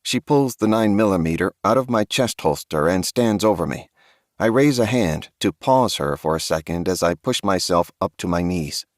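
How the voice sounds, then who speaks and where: Male audiobook narrator, very low voice, dry close sound, grave and tense first-person horror reading. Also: expressive, moderate pace, dry recording.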